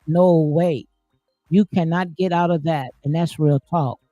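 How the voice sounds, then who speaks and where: A woman's voice: sits low, steady tone, unhurried, warm tone, no echo, faint music behind. A woman hosting a live stream, reading viewer comments and answering in an emphatic, preachy way, full of folksy sayings and "honey.".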